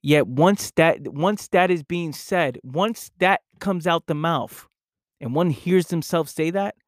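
A man hosting his own podcast, talking slowly and deliberately in a reflective monologue, often repeating phrases for emphasis. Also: on the high side, no echo, studio quality. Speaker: podcast host, personal coach.

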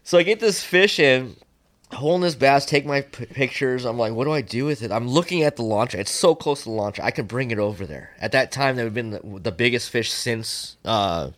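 A middle-aged man telling a fishing story in casual podcast chat, profane and animated when he acts out the exchange. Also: mid-range voice, brisk. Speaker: podcast guest, swimbait angler.

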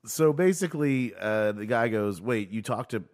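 A man's voice: lowish voice, lively intonation, normal speed, a little mellow. A man co-hosting a podcast, recapping a TV episode in casual chat, rambling with stammering restarts and frequent laughs. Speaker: podcast co-host.

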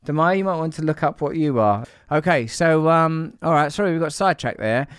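A man's voice: a little high, lively intonation, brisk, clean tone, no room sound. Man, podcast host, rambling and playful, close dry sound. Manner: playful, teasing, breaks into laughter. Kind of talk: rambling casual chat.

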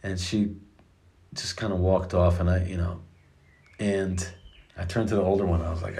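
A man's voice: low-pitched, flat delivery, moderate pace, vocal fry, long pauses, warm tone. A middle-aged man casually telling a personal story about his daughters, rambling with many restarts and the odd curse.

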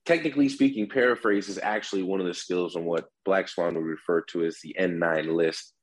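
Deep husky male negotiation instructor. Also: a little fast, low-quality recording. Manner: explanatory, restarts with repeated words. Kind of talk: instructive interview talk.

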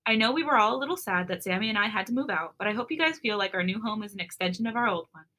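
A woman reading the lines of a heartfelt young man giving a toast, soft and stammering. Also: medium pitch, expressive, very fast. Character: emotional young man, expecting father.

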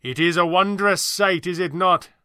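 A man voicing a smug, ruthless male crime boss who threatens in a calm, measured way. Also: high-pitched, clear, resonant tone, dry recording, clean studio sound, pitched above the performer's own voice.

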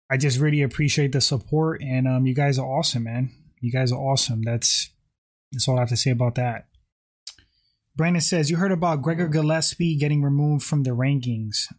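A man chats casually on a livestream, reading out viewer comments and replying to each in turn. His voice sits at an ordinary middle pitch. He rambles, fills gaps with "like" and "you know", and keeps pausing to clear his throat. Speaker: YouTube livestream host.

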